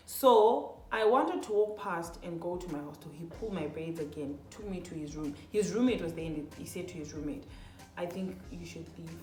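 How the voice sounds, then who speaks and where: Speaking in a fairly low pitch and a little fast, this young female vlogger shares a personal story with few pauses. She's animated and casual, addresses her audience as "guys," and leans heavily on "like" and "literally," all in an echoey room.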